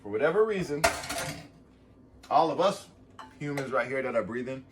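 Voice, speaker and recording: A man vlogs a casual motivational monologue, rambling and swearing, swinging from loud bursts to soft asides as he grows emotional and close to tears. His medium-pitched voice is expressive at a moderate pace, with background noise behind him.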